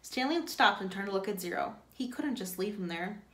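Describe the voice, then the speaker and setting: A woman teacher reading a novel aloud to a class in a plain, steady way. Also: medium pitch, brisk. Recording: echoey room.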